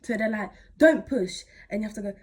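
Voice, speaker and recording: A teenage girl, chatting to camera as she retells a story in a casual, animated way. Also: medium pitch, very fast. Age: teens. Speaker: vlogger.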